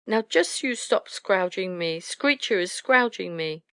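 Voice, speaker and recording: A woman voicing squabbling little owlets with squeaky, whining voices. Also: lively intonation, slow pace, fairly bright tone, dry recording, studio quality, exaggerated voice. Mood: sleepy whine.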